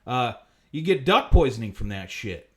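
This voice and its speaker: A man hosting a comedy livestream, swearing constantly and ranting, swinging from low mutters to loud outbursts. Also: sing-song, normal speed. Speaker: comedy show host. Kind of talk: profane comedic livestream monologue.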